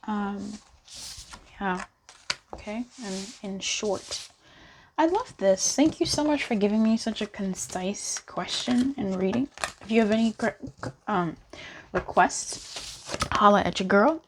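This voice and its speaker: A woman's voice: medium pitch, takes it slowly, long pauses, background noise. A woman giving a casual pick-a-card tarot reading in a playful, chatty way, joking aloud with spirit as she goes.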